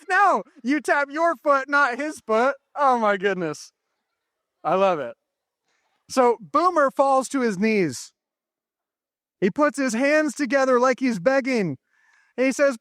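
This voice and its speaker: A man's voice: very high voice, fairly bright tone, dry recording, studio quality. A man leading elementary students in a playful, interactive Bible story, directing the children as they act it out. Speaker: chapel speaker for elementary students. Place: school chapel with children.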